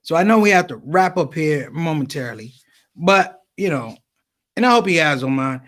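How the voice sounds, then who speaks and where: A comedian tells funny personal stories during a stand-up set at a conference, animatedly acting out the dialogue and repeating phrases a lot. His voice is fairly high-pitched and he speaks at normal speed.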